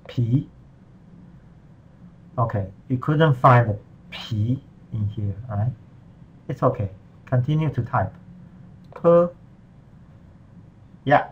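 Slow, patient male Mandarin teacher. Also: medium pitch, breathy edge, lo-fi sound. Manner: slow, patient walkthrough with non-native English. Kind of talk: screen-recorded tutorial lesson.

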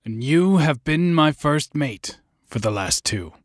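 An actor playing a haunted, brooding sea captain who speaks in stern, commanding, old-fashioned seafaring speech. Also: male voice, on the high side, animated, measured pace, no echo, studio quality. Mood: grave. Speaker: ship captain. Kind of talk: audio drama acting.

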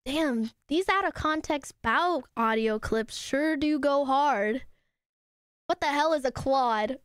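A woman streamer chatting casually on a live stream, laughing often, swearing freely and bursting into excited shouts. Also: sits high, slow pace, no echo, studio quality.

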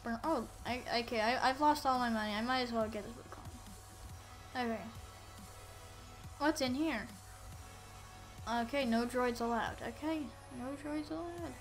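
A woman giving casual let's-play commentary, excitable and playful, yelling at enemies on screen. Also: a little high, measured pace, long pauses, faint music behind. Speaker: gameplay commentator.

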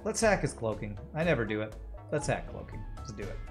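A man streaming a game, joking casually and reading viewers' chat comments out loud. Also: on the low side, big pitch swings, a little fast, soft background music. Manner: jokey, reads chat aloud.

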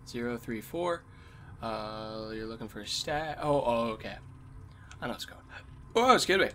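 A man with damaged vocal cords talking quietly and low as he commentates a game he is playing, coughing often. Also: expressive, normal speed, a little hiss or hum. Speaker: let's play host. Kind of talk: gameplay commentary. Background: game sounds and music.

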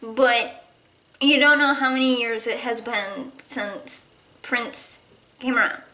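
A woman voicing a dry, sarcastic horse in a toy horse drama, speaking slowly in a teasing tone. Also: a little high. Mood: skeptical. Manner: deadpan, teasing.

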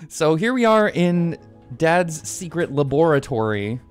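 A man's voice: a little high, very animated, unhurried, clear, resonant tone, faint music behind. A man streaming a video game live, rambling casually, swearing often and laughing easily.

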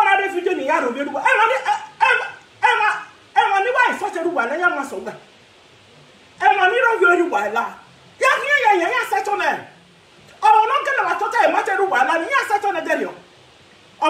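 A Nigerian woman vlogger ranting to camera in a casual, animated way, laughing often and mixing pidgin with her local language. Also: very high-pitched, reverberant, a little hiss or hum. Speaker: social media vlogger.

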